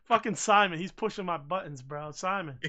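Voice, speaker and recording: A man co-hosting a casual podcast, rambling and excitable, swearing freely and saying bro a lot. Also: high voice, moderate pace, highs cut off. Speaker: podcast co-host. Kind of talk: casual chat.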